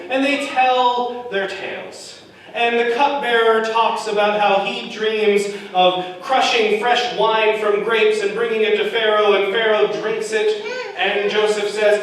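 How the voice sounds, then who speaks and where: A man preaching a sermon, telling a Bible story in a casual, joking way with quick asides. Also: high-pitched, fairly bright tone. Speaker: pastor. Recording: echoey room, far from the mic, noisy.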